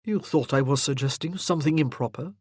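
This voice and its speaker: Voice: medium pitch, brisk, a little mellow, husky, no echo, studio quality, natural voice. A reader voicing a teasing, worldly French nobleman in a historical romance audiobook, with a suave, mocking delivery. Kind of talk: audiobook character reading.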